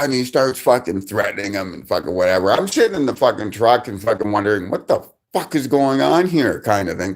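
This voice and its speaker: A man telling a rambling personal story on a live stream, swearing constantly and restarting his sentences. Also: fairly low pitch.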